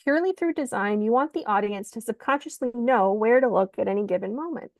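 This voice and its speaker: A woman giving an online lesson on designing pitch slides, speaking clearly and emphatically like a teacher. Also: brisk, a little mellow, dry recording. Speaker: pitch coach. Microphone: video call.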